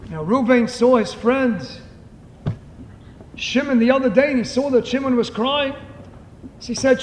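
A man giving an impassioned sermon full of stories that rises to shouts. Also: very high-pitched, normal speed, pauses often, a little hiss or hum. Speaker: preacher. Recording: echoey hall, faint ambience.

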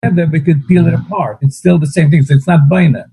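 A man's voice: a little high, steady tone, quick pace, warm tone, breathy edge. A man in the class offering a short answer. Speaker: student.

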